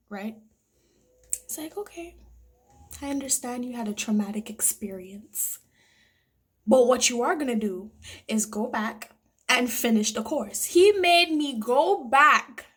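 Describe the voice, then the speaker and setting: A young woman chats through a casual storytime, her voice sitting high and sounding crisp and bright. She tells it with drama, often breaking into laughter along the way. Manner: animated, dramatic retelling with laughs. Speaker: vlogger.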